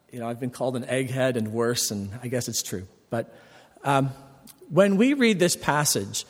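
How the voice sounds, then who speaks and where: A man preaching a sermon as a pastor, animated and climbing to emphatic peaks as he explains his point. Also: mid-range voice. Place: church sanctuary. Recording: long reverb of a church hall.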